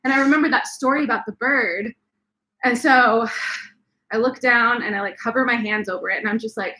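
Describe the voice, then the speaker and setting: A young woman with a bright, ringing voice, pitched a little high, telling a personal story. She talks in a lively, chatty way. The sound is echoey, as if recorded in a bare room. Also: normal speed. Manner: animated, breaks into laughs and shrieks while retelling. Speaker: co-host of a live stream. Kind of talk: casual storytelling chat.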